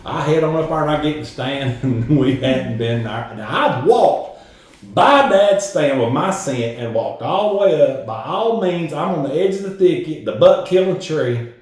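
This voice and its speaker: A man with a Southern Tennessee accent telling a hunting story in a folksy, animated way on a podcast. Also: fairly high pitch, normal speed. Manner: animated, folksy, acts out quoted voices. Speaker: podcast host. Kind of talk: casual storytelling. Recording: roomy echo, far from mic.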